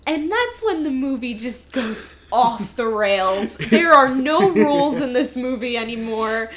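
Casting: high-pitched woman, lively storyteller in a casual movie-review chat. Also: a little slow, a loud crowd. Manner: animated storytelling, acting out lines with laughs. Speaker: podcast co-host reviewing a movie.

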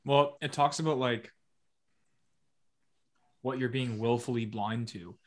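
A man co-hosting a casual podcast at a mid-range pitch. He thinks aloud with "uh"s and reads passages from his notes. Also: takes it slowly.

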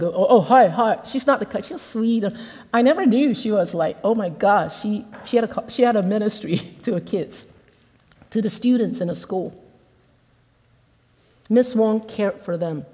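A woman pastor preaching a conversational, animated sermon and acting out the people in her stories. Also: fairly high pitch, long reverb tail. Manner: conversational, animated, acts out quotes.

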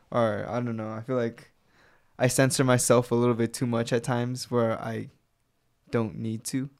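Soft-spoken, smooth-voiced shy man. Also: mid-range voice, little pitch movement, moderate pace. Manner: soft-spoken and hesitant, says he is shy and timid. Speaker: co-host. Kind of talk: casual chat.

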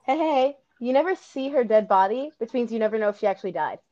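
A woman's voice: a little high, expressive, quick pace, warm tone, highs cut off, slight background noise. A woman co-hosting a podcast, rambling and arguing emphatically in casual chat over a video call. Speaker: podcast co-host.

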